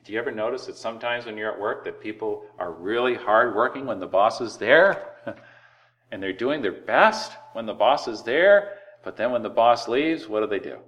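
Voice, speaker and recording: A man preaching a sermon, lively and conversational, drawing words out for emphasis and acting out everyday voices. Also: on the low side, dull audio. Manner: animated preaching, slows words for emphasis and acts out quoted voices. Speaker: pastor.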